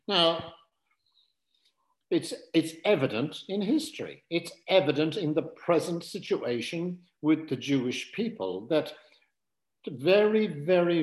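A man's voice: fairly high pitch, roomy sound, low-quality recording. A man preaching a conversational Bible teaching, talking plainly with frequent fillers and self-corrections.

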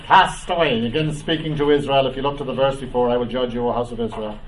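A man preaching a Bible study, reading scripture aloud and commenting, with frequent "uh" and "um" pauses. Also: medium pitch, steady tone, recorded from a distance, a little hiss or hum, poor audio. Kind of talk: bible teaching.

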